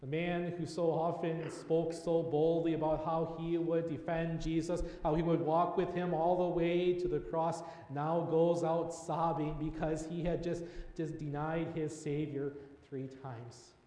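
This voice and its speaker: A man preaching a sermon, telling the story slowly with earnest, quiet dramatic pauses. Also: a little high, little pitch movement, roomy sound, in a large hall. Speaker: pastor.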